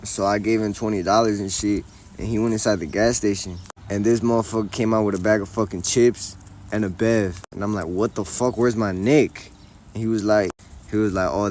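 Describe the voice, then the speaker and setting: A young man tells a story in a relaxed, slang-heavy way, swearing freely. His voice sits fairly low, and faint noise hums behind it. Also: brisk. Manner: slangy, profane and laid-back. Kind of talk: casual storytime.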